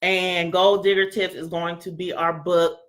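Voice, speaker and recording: A woman hosting a book club, chatting casually and loudly, joking and acting out what people say. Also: fairly low pitch, little pitch movement, a little slow. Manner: chatty, joking, acts out quoted voices; laughs often, talks loud. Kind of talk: casual chat presenting a website.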